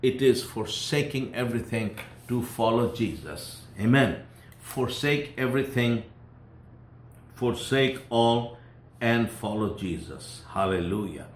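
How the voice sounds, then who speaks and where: A man's voice: mid-range voice, lively intonation, takes it slowly, slight background noise. Fervent preacher man in an echoey room. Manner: fervent, rising to emphatic peaks and dropping to hushed warnings. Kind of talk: sermon.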